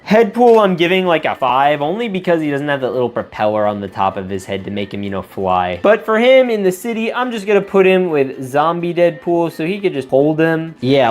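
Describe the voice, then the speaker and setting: A young man talks through a toy unboxing in a casual, slangy way, bursting into quick exclamations of surprise. His pitch bounces up and down a lot as he reacts. He keeps a chatty, hyped tone while he builds.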